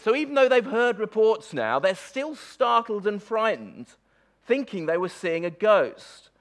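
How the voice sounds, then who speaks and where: A male preacher giving a conversational sermon with a fairly high voice. He speaks emphatically and with lively energy, and he often stumbles and repeats words mid-thought. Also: measured pace. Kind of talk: conversational sermon on a Bible passage.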